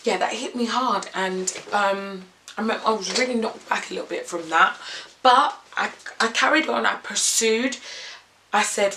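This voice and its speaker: A woman's voice: mid-range voice, normal speed, background noise. A young woman and makeup artist, rambling candidly in an unscripted vlog and swearing freely.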